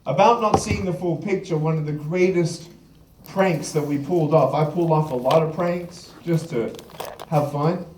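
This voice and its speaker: A man's voice: on the high side, moderate pace, a little mellow, recorded from a distance, slight background noise. Man, motivational speaker, humorous storytelling, echoey event hall, faint ambience. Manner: humorous storyteller, acts out quotes with laughter. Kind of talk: live keynote speech with anecdotes.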